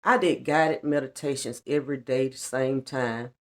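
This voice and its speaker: A woman's voice: very deep voice, steady tone, moderate pace. A middle-aged woman giving an earnest, colloquial personal testimony on a spiritual vlog, repeating lines for emphasis. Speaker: spiritual vlogger.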